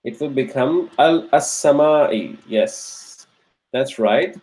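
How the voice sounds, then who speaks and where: A man's voice: medium pitch, animated, slow, darkish tone, low-quality recording. A man teaching an online Arabic grammar lesson, patiently repeating each answer, checking in with students and praising their replies.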